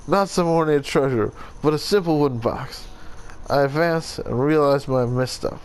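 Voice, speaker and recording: A man's voice: a little high, normal speed, clear, resonant tone, close to an everyday voice. A man voicing a grim Italian swordsman in a clumsy mock Italian accent that slides toward Russian, reading in a melodramatic, over-the-top way. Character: grim Italian swordsman recounting a trap-filled tomb.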